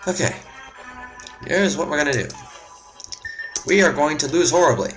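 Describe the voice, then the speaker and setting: A man's voice: fairly high pitch, expressive, normal speed, fairly bright tone, rough recording. A young man narrating his gameplay, muttering and swearing to himself in frustration. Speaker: gameplay commentator. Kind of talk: let's play commentary. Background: game music.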